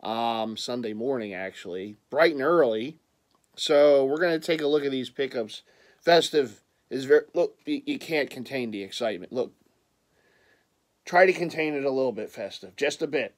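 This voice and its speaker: A man's voice: medium pitch, normal speed. A man with a Philadelphia accent, chatting casually on his vlog about his purchases and rambling with lots of stammered restarts and playful teasing. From Philadelphia area. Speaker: vlogger.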